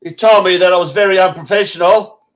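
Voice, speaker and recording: A man's voice: sits high, fairly even intonation, fast talker, muffled recording. A man hosting a live-stream chat, rambling and swearing casually. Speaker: host.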